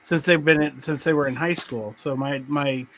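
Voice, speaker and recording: A middle-aged man hosts a live-streamed podcast, chatting casually and rambling, restarting often and laughing as he talks. His voice is fairly high with fairly even intonation at a moderate pace, a bit bright, on a rough recording with slight background noise.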